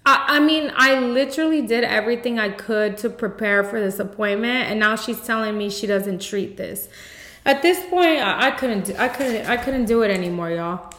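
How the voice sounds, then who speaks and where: A woman's voice: fairly high pitch, normal speed, fairly bright tone. A woman hosting her own podcast, telling her personal story with candid emotion and speaking straight to her listeners. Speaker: podcast host. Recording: echoey room.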